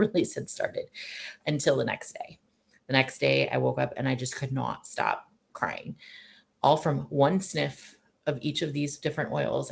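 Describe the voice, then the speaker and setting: A woman's voice: extremely low pitch, creaky, breathy edge. A middle-aged woman hosting a wellness class, telling her own story in an earnest, rambling way. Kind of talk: casual personal talk and teaching.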